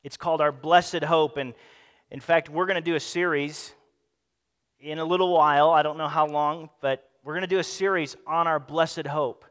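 A man preaching a sermon as pastor, animated, acting out quoted speech in changing voices. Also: fairly high pitch, normal speed, big-room sound.

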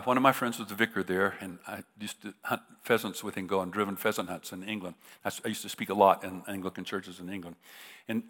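Speaking in a reverberant hall, the middle-aged visiting preacher from the United States tells a humorous story in his sermon, casual in manner and full of restarts. He has a fairly low pitch with a slightly bright quality.

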